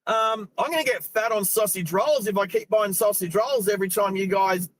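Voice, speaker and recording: Chatty high-voiced Australian man driving. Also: normal speed, fairly bright tone, poor audio. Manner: chatty, rambling, laughs often. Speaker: host. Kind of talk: casual chat while driving live stream. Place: inside a car.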